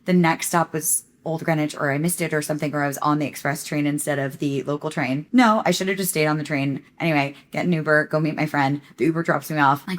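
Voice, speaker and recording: Young female vlogger, lower register, casual rambling chat to a handheld camera. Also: quick pace, few pauses. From Connecticut, USA. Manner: chatty, rambling, peppered with "like".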